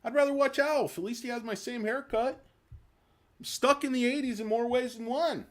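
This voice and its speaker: A man's voice: very high voice, normal speed, fairly bright tone. A middle-aged man hosting a stock livestream, rambling and ranting with self-deprecating jokes. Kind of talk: casual rambling livestream chat.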